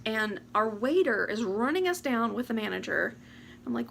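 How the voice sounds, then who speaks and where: Emotional, gravelly-voiced woman vlogger. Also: a little high, sing-song, a bit bright, a little hiss or hum. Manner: emotional, rambling, talks fast and laughs through tears. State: teary, close to crying. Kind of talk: casual chat to camera. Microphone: camera or phone mic.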